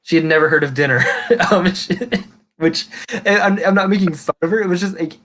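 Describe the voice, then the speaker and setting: A man's voice: sits high, a little fast, a bit bright. A man with a Californian accent hosting a livestream chat, rambling with many restarts and casual swearing. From California, USA. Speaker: livestream host.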